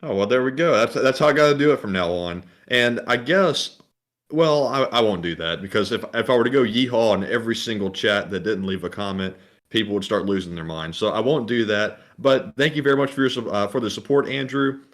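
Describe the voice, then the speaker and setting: A man co-hosting a live stream, reading out viewer donations and messages in a steady, matter-of-fact way. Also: on the low side, fairly quick.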